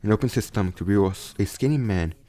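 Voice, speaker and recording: A man's voice: lowish voice, racing, dark tone. A young man casually retelling a fan story, rambling with frequent restarts and self-corrections.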